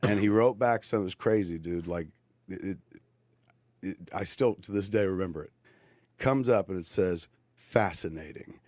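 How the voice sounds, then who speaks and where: A man on a podcast telling an animated, profane anecdote and acting out voices in it. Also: low voice, normal speed, pauses often, no room sound. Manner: excitable, profane, acts out voices in his stories. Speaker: filmmaker telling a story on a podcast.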